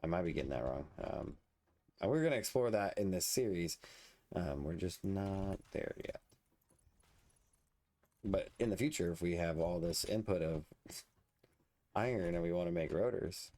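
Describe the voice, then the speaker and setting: A man's voice: sits low, animated, normal speed, long pauses, mellow. A man casually commenting on his gameplay, muttering and thinking aloud as he builds. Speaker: let's play host.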